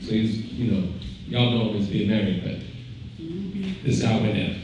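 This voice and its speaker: A man's voice: on the low side, steady tone, moderate pace. Distant echoey male emcee. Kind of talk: casual stage hosting. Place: theatre stage. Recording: distant mic in very echoey hall, room noise.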